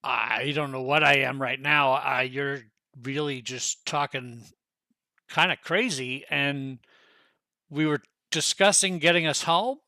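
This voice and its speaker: A man's voice: mid-range voice, slow pace, sharp tone, dry recording. A man playing a tabletop game, speaking in a wry, skeptical way. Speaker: player. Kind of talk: tabletop game role-play.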